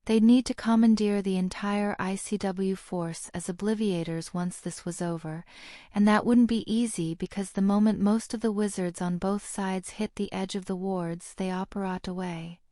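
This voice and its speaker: Mellow woman narrating an audiobook. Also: mid-range voice, steady tone, moderate pace, dry recording, clean studio sound. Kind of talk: scripted narration.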